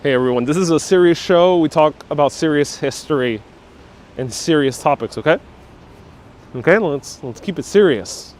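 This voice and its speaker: A man's voice: a little high, lively intonation, moderate pace, a little mellow, a little hiss or hum. A man hosting a live-streamed walking tour outdoors, chatting and reacting to viewer comments. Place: outdoors on city streets. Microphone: wireless lapel mic.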